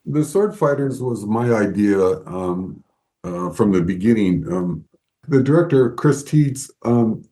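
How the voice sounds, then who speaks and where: A man guest in an interview, telling lively anecdotes and acting out the people he quotes. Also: fairly low pitch, unhurried. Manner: animated storyteller, acts out quoted voices. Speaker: guest, former Disney figure animator. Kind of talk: storytelling interview.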